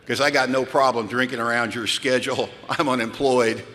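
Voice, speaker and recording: Speaking in a large hall, a man from the United States dramatically recounts his past in a frank, self-deprecating recovery talk before a live audience. His mid-range voice is steady, bright and forceful at a moderate pace, with hall reverb audible.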